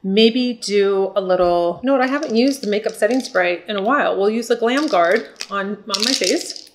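A woman's voice: mid-range voice, moderate pace, noisy background. An older woman chatting through a makeup tutorial, encouraging viewers she calls ladies. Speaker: beauty vlogger. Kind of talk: casual makeup tutorial chat.

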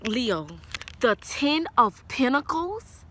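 A woman reads tarot in a casual vlog, speaking with a blunt, profane directness. Her voice sits high and bright, and her pitch leaps around with lively, animated swings. A faint hiss of background noise runs under the recording. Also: slow pace. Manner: blunt, profane, scolding then reassuring. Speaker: tarot reader.

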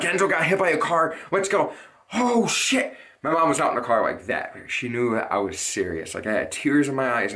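A man's voice: mid-range voice, fairly bright tone. A young adult man telling a personal story as a vlogger, in a rambling, urgent way and with casual swearing. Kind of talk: emotional storytelling to camera.

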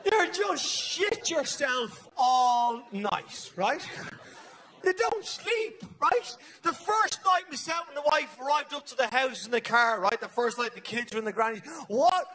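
A man with a Dublin Irish accent doing a live stand-up routine, energetic and swearing, checking in with "right?" again and again. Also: very high-pitched, unhurried, hardly any pauses, a faint crowd. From Ireland. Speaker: stand-up comedian. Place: comedy stage.

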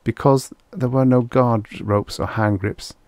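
A man narrating a vintage science fiction short story at a measured pace. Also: mid-range voice, steady tone, darkish tone, no echo. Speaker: audiobook narrator.

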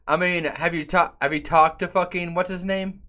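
A man streaming a game and chatting loosely with his viewers, profane and given to sudden loud outbursts. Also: sits high, steady tone, moderate pace. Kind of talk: casual live-stream chat.

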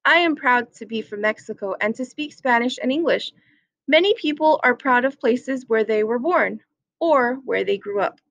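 A woman reading the part of a gentle, proud great-aunt in her eighties, telling her story calmly and earnestly. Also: fairly high pitch, normal speed, no echo.

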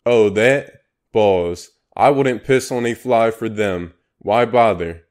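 Blunt, crude old painter voiced by a male reader; low, unhurried delivery. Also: darkish tone. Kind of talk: audiobook character reading.

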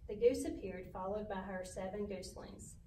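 Woman reading a kids book, gentle storyteller, echoey and a bit far with faint hiss. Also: medium pitch, normal speed. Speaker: school principal reading aloud. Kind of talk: children's storybook read-aloud.

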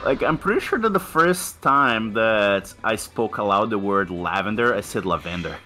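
A man's voice: on the low side, unhurried, sharp tone. A man chatting casually during a game stream, playful, swearing and laughing. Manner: playful, swears and laughs, quotes in silly voices. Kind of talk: casual gameplay chat.

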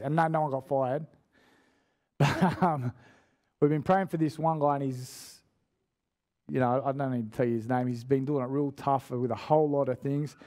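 A man's voice: mid-range voice, darkish tone. A man preaching a casual sermon in church, telling stories in a chatty, slangy way with lots of restarts. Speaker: guest preacher.

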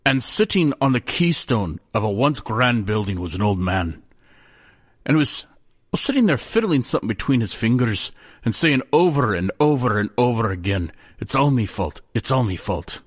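A man telling a folk tale in a folksy, animated way. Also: mid-range voice, normal speed. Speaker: storyteller.

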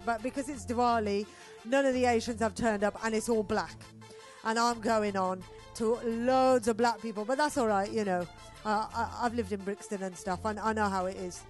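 Joking comic chatting before a gig. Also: male voice, very high-pitched. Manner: joking, self-mocking, laughs at own lines. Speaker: stand-up comedian. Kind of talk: casual chat to camera before a gig.

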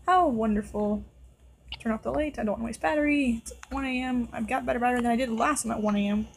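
A woman's voice: a little high, quick pace, gravelly, a little hiss or hum, poor audio. Nervous woman playing a scary game. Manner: nervous, talks to the game characters. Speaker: gameplay video host. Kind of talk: casual let's-play commentary.

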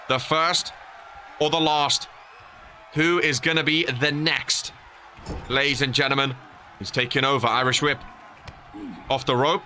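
Young guy doing hyped wrestling game commentary, really bright voice, bit high, yells on the close calls. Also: slight background noise. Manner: excited, rising to shouts at near falls. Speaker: play-by-play commentator.

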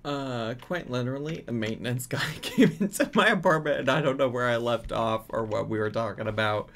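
A man's voice: mid-range voice, fairly quick, a bit bright. A man hosting a casual let's-play from his apartment, chatting playfully and bossing his game characters around. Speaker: gaming channel host. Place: home apartment.

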